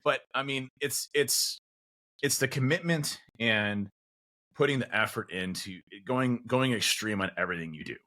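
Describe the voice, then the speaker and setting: A man, likely a father of teenagers, appears as a podcast guest and chats casually in a bright, forceful, mid-range voice at a moderate pace. He rambles with lots of fillers and restarts, acting out the conversations he quotes.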